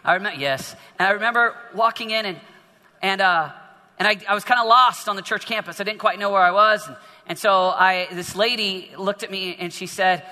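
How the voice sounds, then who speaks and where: High-voiced preacher in an echoing hall. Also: male voice, moderate pace, sharp tone. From northern United States. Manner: storytelling with frequent repetitions and restarts. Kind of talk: sermon.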